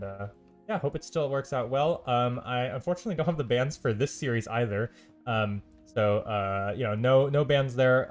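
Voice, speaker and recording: A man hosting a live stream and casting a strategy game tournament on his own. He talks loosely and chattily, with many ums and uhs and the odd dry, sarcastic aside. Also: mid-range voice. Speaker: esports caster and stream host. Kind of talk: solo live game commentary.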